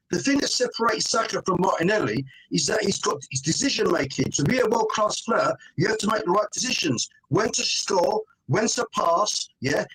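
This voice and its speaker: A middle-aged man dials in on a phone and argues his point with emphatic force, pitched a touch high for a man. He keeps hammering his words home with "mate" and "right?", a faint hiss of noise behind him. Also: fairly bright tone, low-quality recording. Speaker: fan panel guest. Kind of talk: casual fan podcast chat.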